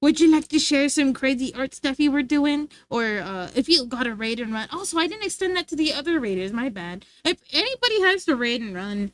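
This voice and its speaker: A woman's voice: high-pitched, expressive, brisk, few pauses, dry recording. A woman streamer chatting casually and playfully with her live chat, laughing often.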